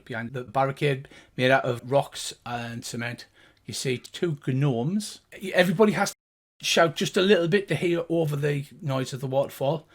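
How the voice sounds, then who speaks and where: An older man narrating as game master, setting scenes in an unhurried, descriptive way. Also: medium pitch.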